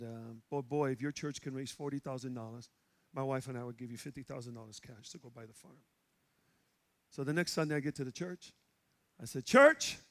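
A male pastor from Chicago with a Chicago accent, preaching and telling stories, going from loud shouts to hushed quiet. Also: mid-range voice. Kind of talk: sermon. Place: church sanctuary.

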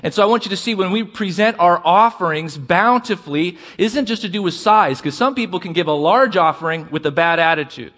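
A man preaching a sermon as pastor, asking the congregation for responses and slowing down to stress key words. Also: high-pitched, fairly bright tone.

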